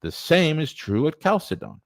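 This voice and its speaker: A man's voice: sing-song, moderate pace, gravelly, no echo. A man voicing an older English male priest-scholar in a clumsy put-on English accent, lilting and matter-of-fact. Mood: lecturing. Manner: lilting, raised pitch, self-admittedly clumsy accent.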